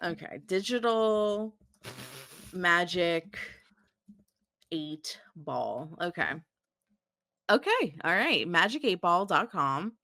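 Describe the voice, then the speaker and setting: A woman co-hosting a podcast in casual chat, unhurried and trailing off into fillers. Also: lowish voice, very animated, pushed and bright, no room sound, clean studio sound. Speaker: podcast co-host.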